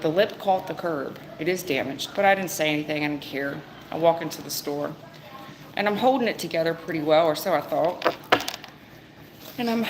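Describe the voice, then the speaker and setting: Low-voiced woman telling a rambling story. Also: background noise. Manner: rambling, conversational, with fillers and restarts. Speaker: tarot reader. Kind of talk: live-stream tarot reading and storytelling.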